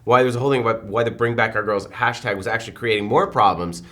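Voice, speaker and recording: A man in his forties, a film director, telling stories in a press interview and acting out the quotes. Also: lowish voice. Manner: animated, quick storytelling with acted-out quotes.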